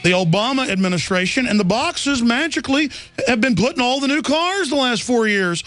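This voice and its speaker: A man's voice: extremely high pitch, expressive, fairly quick, a bit bright. A man hosting a talk radio show, delivering an urgent, alarmed monologue with sarcastic asides.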